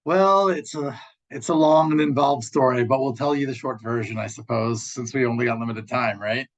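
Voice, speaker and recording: A man's voice: mid-range voice, normal speed. A man from Philadelphia, a lawyer guest on a radio show, joking about himself and hesitating with fillers as he begins his story. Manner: self-deprecating humor, hesitant with fillers. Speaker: intellectual property lawyer, guest.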